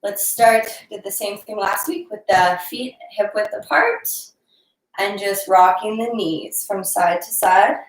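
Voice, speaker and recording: In a noticeably echoey room, a young woman instructs a live-streamed yoga session while practicing alongside it, speaking a little slowly. Her mid-pitched voice stays casual and encouraging, though she is slightly out of breath at times.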